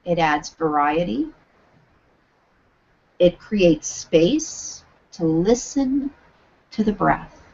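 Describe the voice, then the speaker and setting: Slow, deliberate woman yoga trainer. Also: lowish voice, sing-song, a little mellow, highs cut off. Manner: clear, deliberate instructing. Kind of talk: live online teacher training.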